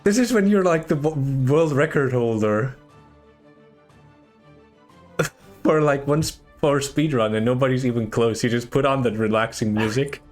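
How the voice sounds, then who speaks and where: A man's voice: mid-range voice, normal speed, long pauses, soft background music. A man calling a fighting game match live, joking and laughing along with his co-caster. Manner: jokey, laughing play-by-play. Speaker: esports commentator.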